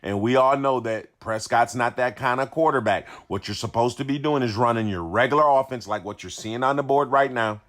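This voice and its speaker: A man's voice: mid-range voice, fairly quick, few pauses, fairly bright tone. A man giving an indignant, repetitive rant as a sports commentator, hammering his points over and over. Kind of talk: ranting video commentary.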